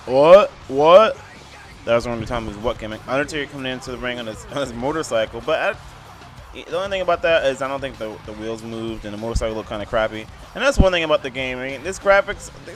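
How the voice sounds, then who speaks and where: A man's voice: mid-range voice, a bit bright. Rambling, opinionated male game reviewer. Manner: rambling, full of "I mean" and "like"; blunt and opinionated. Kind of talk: casual game review voice-over.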